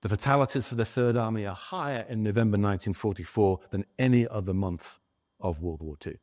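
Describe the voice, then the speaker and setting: A man giving a lively historical lecture as a guest author, telling a story and talking with the audience in the room. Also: fairly low pitch, fairly quick. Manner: animated storyteller, chatting with the audience.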